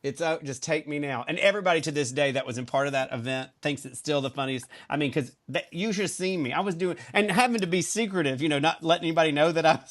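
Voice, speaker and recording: A man with a Southern US accent tells stories on a podcast with lively comic timing. His delivery is animated and chatty. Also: fairly high pitch, fast, few pauses. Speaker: podcast guest. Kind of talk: casual podcast storytelling.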